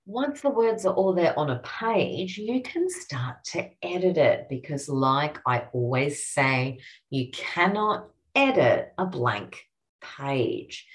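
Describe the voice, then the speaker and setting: A woman's voice: deep voice, lively intonation, slow. A woman with an Australian accent, hosting a casual instructional podcast as a copywriting coach, talking in an upbeat, encouraging, chatty way.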